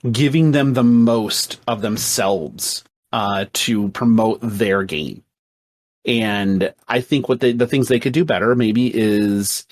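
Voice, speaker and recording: Blunt, cursing podcast co-host man. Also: mid-range voice. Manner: blunt, swears freely, self-mocking. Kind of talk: casual podcast panel chat.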